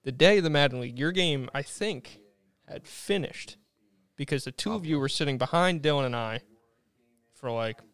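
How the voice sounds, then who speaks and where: A young man tells his side of a falling-out in a smooth, clear voice, swearing freely and acting out his own lines. The recording is close and dry. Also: a little high, normal speed, no room sound. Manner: profane, animated, acts out quotes. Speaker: guest telling his side. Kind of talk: casual storytelling.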